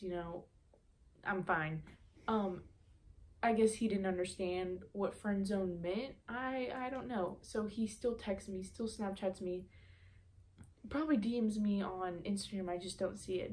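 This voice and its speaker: A woman's voice: mid-range voice, animated, unhurried, darkish tone. A teenage girl telling a story on her vlog in a chatty way, full of "um" and "like". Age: late teens. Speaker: vlogger.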